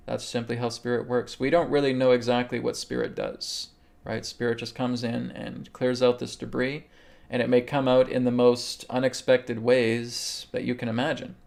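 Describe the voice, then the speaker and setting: A man hosting a live show, calmly guiding a healing meditation and answering viewers' questions, often checking in with "okay". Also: medium pitch, creaky. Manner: calm, instructive, repeats okay. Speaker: host and spiritual healer.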